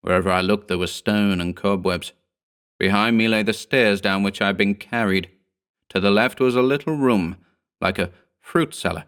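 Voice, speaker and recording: A man narrating a horror story in a measured, grave storytelling manner. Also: on the low side, fairly bright tone, clear, resonant tone. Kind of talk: scripted horror audiobook narration.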